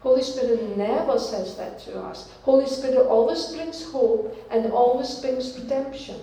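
A woman preaching a sermon, teaching slowly and deliberately and repeating her key phrases. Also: sits high, warm tone, distant mic, slight background noise. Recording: very echoey room, from off-mic.

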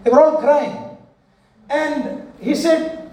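A man preaching a sermon with a very high voice, weaving stories and call-and-response into his message. His voice rings through a big echoey hall and is picked up from some distance away from the mic. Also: steady tone, measured pace, long pauses, mellow. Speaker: pastor. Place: large church hall. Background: congregation responding.

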